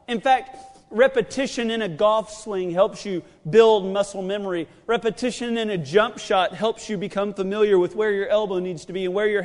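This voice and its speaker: Pastor, male, high voice, preaching in a reverberant church, dynamic delivery with shouted, stretched-out emphasis. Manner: swings from quiet to shouting, drawn-out emphasis. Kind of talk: sermon. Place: church sanctuary. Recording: long hall reverb.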